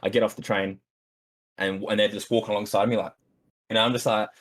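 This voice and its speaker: A man's voice: fairly low pitch, little pitch movement, fast talker, fairly bright tone. An Australian man telling a story as a podcast guest, casual and rambling, swearing freely with lots of fillers.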